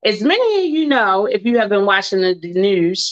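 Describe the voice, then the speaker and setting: A woman's voice: mid-range voice, expressive, measured pace, few pauses, no echo. Chatty woman hosting a radio talk show. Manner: chatty, emphatic, laughs often, repeats phrases. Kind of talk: casual talk radio monologue. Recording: dull, dry radio audio.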